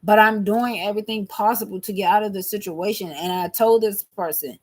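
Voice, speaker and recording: A woman's voice: mid-range voice, a little fast. A woman in her thirties venting to camera in an emphatic, repetitive, agitated monologue. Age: 30s. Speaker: vlogger.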